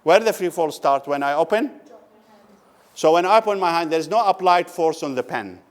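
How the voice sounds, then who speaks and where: Man lecturing, slow questioning delivery. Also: a little high, expressive. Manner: asks the class questions and answers them, repeats key words slowly. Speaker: physics lecturer. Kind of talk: classroom lecture. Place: lecture room.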